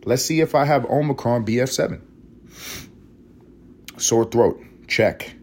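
A man's voice: medium pitch, a little slow, darkish tone, a little hiss or hum. A young man hosting a solo podcast while sick with a cold, sniffly and congested, ranting in a sarcastic, profane, casual way. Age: young adult. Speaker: podcast host.

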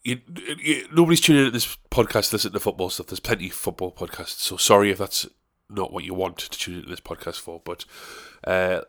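A man's voice: low-pitched, fairly quick, few pauses, a bit bright. A young man hosting his own podcast, giving a casual, rambling, self-deprecating solo introduction with jokes. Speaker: podcast host.

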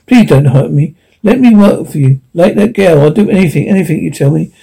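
A groveling, panicked man who stammers and begs for mercy, voiced by a male narrator pitched a bit higher and thinner than the telling around him. His mellow tone turns pleading in a sci-fi audiobook reading. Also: expressive, fairly quick, creaky, husky, full character voice, rough recording. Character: terrified groveling male flunky.

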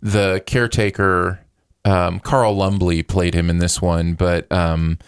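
A man in casual conversation about a film, his voice jumping up high when something puzzles him. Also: slow pace, smooth. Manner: animated, voice jumps up when puzzled.

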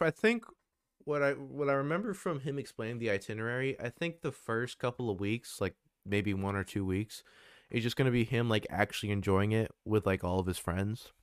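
A man's voice: medium pitch, clear, resonant tone, no echo, clean studio sound. A man in his twenties co-hosting a podcast, chatting casually in a rambling, loose way with frequent restarts and casual swearing. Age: 20s. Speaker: podcast co-host.

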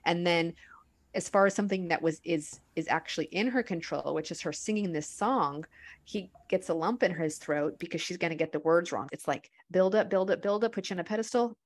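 A woman's voice: on the low side, fairly quick. Frank, chatty woman podcast host. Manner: frank, animated storytelling with frequent fillers. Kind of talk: candid conversational podcast talk.

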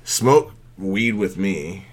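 Guy co-hosting a podcast, swears constantly, kinda low voice, rambly party stories that get loud. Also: drawn-out words. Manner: profane, rambling, gets loud and animated at punchlines. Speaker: podcast co-host. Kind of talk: casual storytelling chat.

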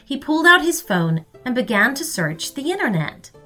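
A woman narrating a children's story in an expressive way. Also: high-pitched, normal speed, soft background music. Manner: expressive and lively.

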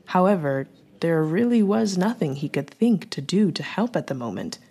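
A woman narrating an audiobook chapter in a measured storytelling manner. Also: on the low side, very animated, warm tone, breathy edge. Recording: faint music bed.

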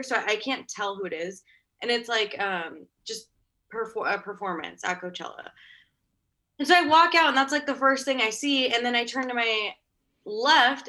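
A young woman in her twenties casually telling a story, full of fillers and quick laughs. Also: a little high, pushed and bright. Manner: chatty, full of "like" and "oh my God", laughs often.

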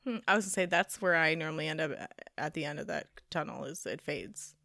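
A young woman co-hosting a casual chat podcast, chatty and teasing, quick to react to her friend. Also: low-pitched, gravelly, sharp tone, no room sound. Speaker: podcast co-host.

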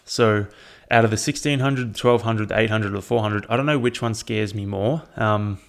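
A young man with a low, gravelly voice talks through his week of workouts in a loose, rambling way. He swears freely and keeps it casual, speaking into his own mic. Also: a little fast. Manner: relaxed, rambling, swears often. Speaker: triathlete sharing training update. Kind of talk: casual chat. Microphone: own microphone.

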